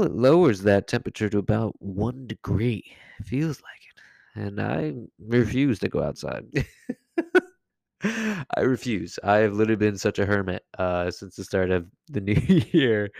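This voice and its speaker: Alone in his apartment, a man hosts his own health and wellness podcast as a health coach, talking casually in a goofy, self-mocking monologue and laughing often. His voice is lowish, creaky, and darkish, with no room sound.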